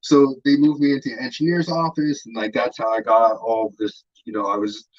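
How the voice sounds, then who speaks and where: A relaxed man in a casual interview, cursing often and wandering through his stories with plenty of fillers. His voice sits at a medium pitch, and the audio is somewhat muffled and lo-fi. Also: brisk. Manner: laid-back, profane, rambling with many fillers. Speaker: interview guest.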